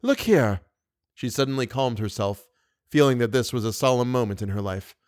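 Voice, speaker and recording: Man, audiobook narrator, lively storytelling, medium pitch, dry close recording. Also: a little fast, clean tone, no room sound. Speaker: audiobook reader.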